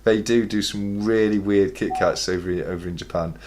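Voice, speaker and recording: A man's voice: on the low side, fairly even intonation, normal speed, a little mellow, a little hiss or hum. A man hosting a casual chat on a video call, laughing often and reading out viewer comments. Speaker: host.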